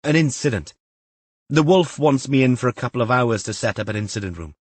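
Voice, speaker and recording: A man's voice: medium pitch, lively intonation, fairly quick, dry recording, voice pushed up, natural voice. A man voicing an eager, jokey young detective constable. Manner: eager, upbeat, joking.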